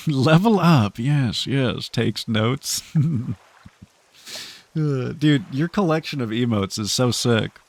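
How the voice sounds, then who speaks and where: A young man casually commenting on a game he is playing, chatty and quick to laugh, often stammering through restarts. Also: mid-range voice, animated, darkish tone. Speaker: streamer.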